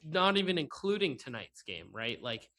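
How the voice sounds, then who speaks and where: A man's voice: on the high side, very animated, normal speed, bright, forceful tone. A man hosting a solo sports podcast, ranting sarcastically and in exasperation, often breaking into laughs while talking into a laptop microphone. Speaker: podcast host. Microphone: microphone with laptop and camera.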